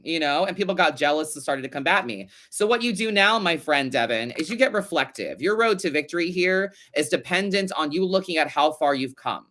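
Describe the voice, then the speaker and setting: A man hosting a casual live-stream tarot reading, chatty and animated, swearing now and then as he talks to his viewers. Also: a little high, fairly quick, few pauses. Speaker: tarot reader host.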